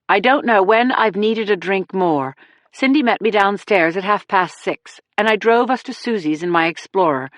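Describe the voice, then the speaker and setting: Casting: female audiobook narrator, mid pitch, dry close-mic sound, dramatic measured delivery. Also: a bit bright, dry recording. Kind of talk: first-person audiobook narration.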